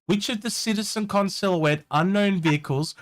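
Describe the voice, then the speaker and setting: A man's voice: sits high, moderate pace. A man co-hosting a live Q&A, arguing insistently and cutting in over a video call. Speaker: co-host. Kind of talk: heated live Q&A argument.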